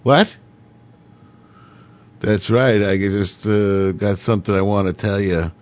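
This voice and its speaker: A man's voice: on the low side, slow, a little mellow. A man hosting a radio show, rambling irreverently and reading news items with sarcastic, crude asides. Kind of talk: casual talk radio monologue.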